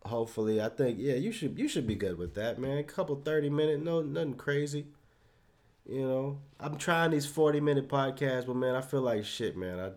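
A man's voice: medium pitch, lively intonation, normal speed, a little mellow. Rambling profane young man, solo podcast. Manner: rambling, profane, self-deprecating, filler-heavy. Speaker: podcast host.

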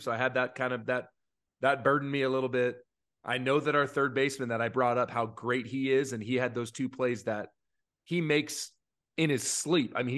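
A man's voice: medium pitch, fairly bright tone. Earnest, emotional man coach talking. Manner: earnest and openly emotional, many fillers. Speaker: youth baseball coach. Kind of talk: casual podcast chat.

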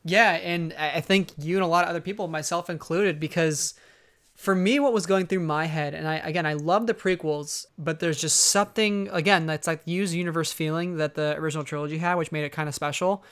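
Smooth-voiced excitable man chatting. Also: fairly high pitch, fairly quick. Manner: excitable, rambling fan talk. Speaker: podcast co-host. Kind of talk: casual chat.

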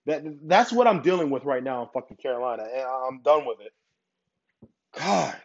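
A man's voice: mid-range voice, lively intonation, moderate pace. Give me a heated, foul-mouthed young man hosting a football podcast on a muffled recording. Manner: profane, heated and worked up. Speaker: podcast host. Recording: dull lo-fi recording.

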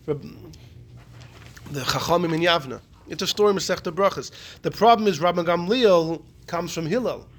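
A man teaching a Talmudic class, animated and repeating his key points. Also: high-pitched, normal speed. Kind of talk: Talmudic lecture.

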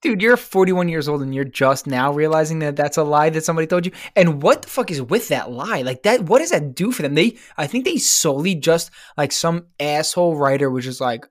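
A man's voice: on the high side, lively intonation, brisk, few pauses, dry recording. A man co-hosting a podcast, bantering casually with lots of swearing. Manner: profane, laughing banter. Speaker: podcast co-host. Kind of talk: casual chat.

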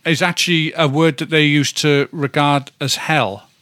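Podcast co-host, man in his fifties, bright tone, rambling and swearing casually, dry close recording. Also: on the high side, fairly even intonation, moderate pace, no echo. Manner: rambling, stumbles over words, swears casually. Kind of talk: casual chat.

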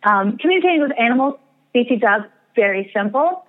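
A woman's voice: fairly high pitch, animated, brisk. A woman, an astrologer and medium, telling a rambling, self-deprecating story in a casual interview. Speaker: astrologer and psychic medium guest. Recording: tinny phone-like radio line.

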